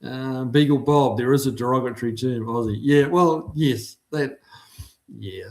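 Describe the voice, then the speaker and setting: Reading viewers' comments aloud on his livestream, a middle-aged man with a New Zealand accent chats casually in a medium-pitched, darkish voice. He speaks a little slowly, relaxed and full of frequent ums.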